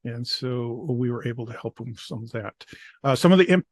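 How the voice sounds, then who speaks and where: A man presents his program in a halting, pause-filled way. His voice sits at an ordinary middle pitch, and the sound is dry with no room echo. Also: lively intonation. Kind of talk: conference presentation.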